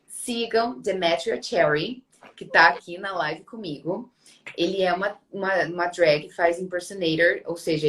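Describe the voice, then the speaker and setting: A woman's voice: on the low side, fairly bright tone. A Brazilian woman, Portuguese native, hosting a live stream on a phone call, laughing easily, with a Brazilian accent. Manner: laughing, friendly, loose English. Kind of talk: casual live-stream chat.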